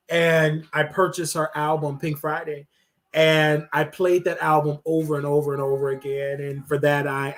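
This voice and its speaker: A man in his thirties from Chicago, hosting his show and speaking in a tearful, halting monologue full of fillers and restarts. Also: fairly high pitch, a bit bright. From Chicago, USA. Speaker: show host. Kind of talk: emotional personal monologue.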